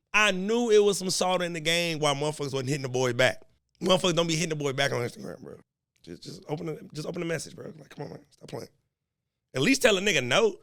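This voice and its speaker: Joking, profane podcast host, dry close mic. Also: male voice, on the high side, a bit bright, dry recording. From American Midwest. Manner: loose, joking and profane, talks straight to listeners. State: has a slight cold. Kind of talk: casual solo podcast monologue.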